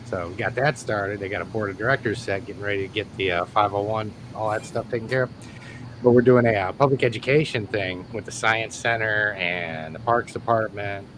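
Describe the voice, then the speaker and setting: A reptile keeper appearing as a guest on a live stream rambles and laughs often while telling work stories, relaxed throughout. His lowish voice is brisk, against a noisy background.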